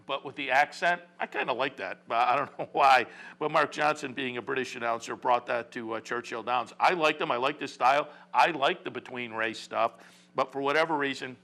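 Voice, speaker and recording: A man's voice: mid-range voice, pushed and bright. A man hosting a horse racing talk show, rambling casually with many fillers and restarts.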